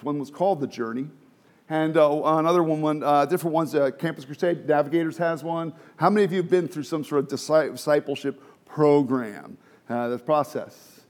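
A middle-aged man preaching a sermon from the pulpit, chatty and self-deprecating, moving between quiet asides and emphatic exhortation. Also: fairly high pitch. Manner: conversational with self-deprecating humor, many restarts and fillers. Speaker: pastor.

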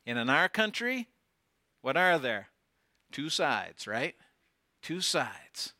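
A man preaching a sermon, swinging from loud declarations down to near whispers and putting rhetorical questions to his congregation. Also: a little high, big pitch swings, slow, dry recording, studio quality. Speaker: pastor.

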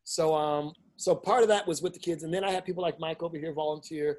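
In a casual interview, a middle-aged teacher and indie filmmaker recounts stories at a quick pace, his voice a little high. Blunt and lively, he swears without restraint and mimics what others told him.

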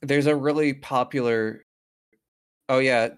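A man's voice: mid-range voice, fairly even intonation, a little slow, clear, resonant tone. A man hosting a podcast who reads a horror story aloud in a casual, profane way and breaks off to chat. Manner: profane, breaks off into side chatter. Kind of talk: casual story reading with banter.

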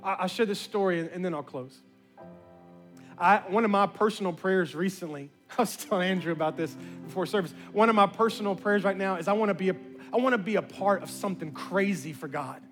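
A man's voice: high voice, fairly quick, soft background music. A man pastor telling a story in a sermon, acting out the voices of the people in it. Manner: animated, acts out quoted voices.

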